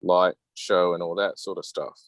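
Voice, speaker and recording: A man's voice: low-pitched, little pitch movement, normal speed, no room sound, low-quality recording. An Australian man chatting casually on a video call, laid-back and blunt, with the odd swear word. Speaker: club member. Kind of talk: casual chat.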